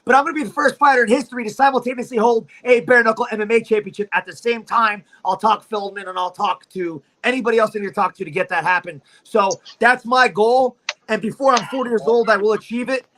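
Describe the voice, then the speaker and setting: A man's voice: high voice, fast talker, bright, forceful tone, poor audio. A man, telling a profane, swaggering fight story as a livestream guest.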